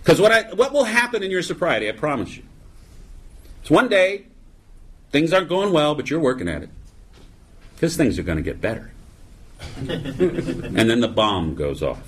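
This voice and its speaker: A man's voice: on the high side, very animated, moderate pace, pauses often, a little hiss or hum. A middle-aged man telling wry, self-mocking stories as a speaker at a recovery meeting. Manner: wry, storytelling, self-mocking, many "you know"s. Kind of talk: comedic recovery talk to a live audience.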